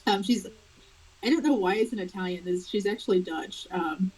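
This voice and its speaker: A young adult woman, an author, chatting in a casual interview, animated and quick to laugh. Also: medium pitch, slightly rough, low-quality recording. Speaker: author guest.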